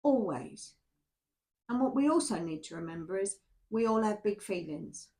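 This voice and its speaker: A woman's voice: medium pitch, expressive, normal speed, vocal fry, dark tone. A woman giving a casual tarot reading to camera, chatty and rambling, who keeps checking in with "yeah?". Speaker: tarot reader.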